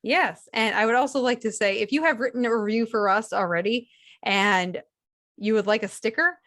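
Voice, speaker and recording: A woman's voice: a little high, normal speed, a bit bright, dry recording, clean studio sound. A woman co-hosting a podcast over a video call, chatting in a playful, rambling way. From Cape Cod, Massachusetts. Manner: chatty, playful, self-interrupting. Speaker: podcast co-host. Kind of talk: casual podcast chat.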